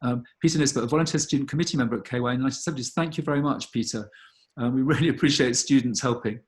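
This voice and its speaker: Man of middle pitch, earnest director taking audience questions, hesitant thoughtful delivery. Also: rapid-fire. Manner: earnest appeal, thoughtful with frequent ums. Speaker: gallery director. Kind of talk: live online Q&A talk.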